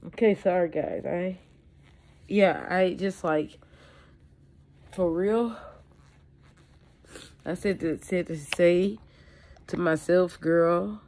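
A woman's voice: lowish voice, takes it slowly, pauses often, darkish tone. A woman vlogger from Louisiana, sick with allergies, talking candidly to camera in a rambling way with fillers and mild swearing. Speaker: beauty vlogger. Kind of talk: casual chat to camera. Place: indoors at home.

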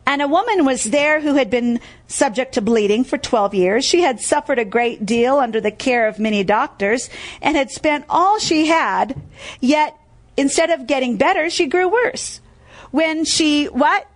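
High-voiced woman preaching a sermon. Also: animated, measured pace. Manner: emphatic, repeats key phrases, quizzes listeners with "what?"; tells stories and reads scripture aloud.

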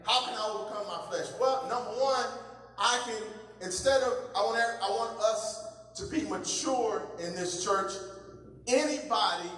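A man preaching a sermon as pastor, with call-and-response lines to the congregation, swinging between loud calls and low asides. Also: unhurried. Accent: American. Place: large church sanctuary. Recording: echoey hall from far off.

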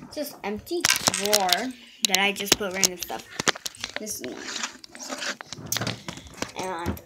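A young woman vlogs casually from her bedroom, holding a phone to film herself. Her medium-pitched voice moves slowly and rambles, packed with fillers like "so" and "yeah," and the audio is very noisy.

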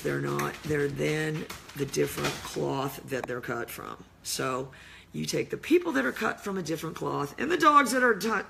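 A man with a Midwestern accent, a dog trainer talking off the cuff, boastful and blunt, dropping to low mutters and then breaking into loud bursts. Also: gravelly, slight background noise. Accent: Midwestern American. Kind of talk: unscripted monologue.

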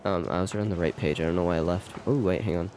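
Talking very fast in a low, darkish voice with fairly even intonation, a young man streams a game live. He rambles, jokes at his own expense, and chats with viewers in casual commentary over faint game music.

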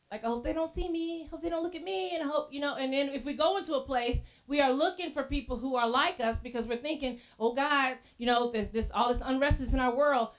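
A woman preaching a sermon in a church, telling lively casual stories and acting out what people said. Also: fairly high pitch. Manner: lively storytelling, acting out quoted voices; casual colloquial phrasing.

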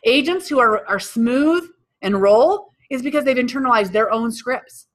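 A woman's voice: fairly high pitch, expressive, moderate pace. A woman sales trainer leading a live workshop, quizzing the room and repeating the audience's answers back to them. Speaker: real estate sales trainer.

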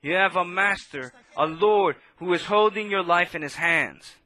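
A man preaching a sermon, impassioned and swinging between loud outbursts and hushed asides. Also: high-pitched, unhurried.

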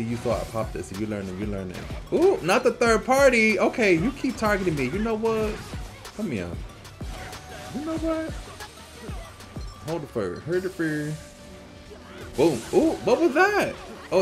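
A man giving live gameplay commentary as a channel host, in an animated, playful trash-talking way with frequent laughter. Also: fairly high pitch, normal speed, pauses often, over music.

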